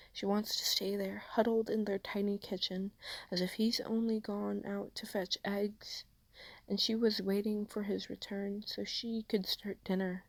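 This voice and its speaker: A woman reading fan fiction aloud as an audiobook, softly, often dropping into a half whisper. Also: mid-range voice, dry recording. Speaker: podfic reader. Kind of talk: fanfiction audiobook narration.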